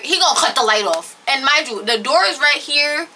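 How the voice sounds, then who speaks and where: A young woman tells a story in a casual vlog style, blunt and animated, swearing freely. Her voice is very bright and sharp and sits a bit high. A faint hiss of noise runs underneath. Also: a little fast, few pauses. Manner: blunt, profane, animated retelling. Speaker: storytelling vlogger.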